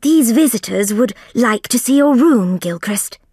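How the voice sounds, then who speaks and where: Woman doing a fretful, high-voiced tutor. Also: lively intonation, a little slow, a little mellow, husky, dry recording, clean studio sound, full character voice. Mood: polite. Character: fussy anxious male college tutor.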